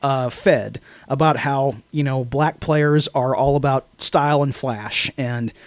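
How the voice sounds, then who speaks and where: A man co-hosting a casual movie podcast, retelling scenes in an animated way and acting out lines from the film. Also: mid-range voice, measured pace, no room sound. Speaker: podcast co-host.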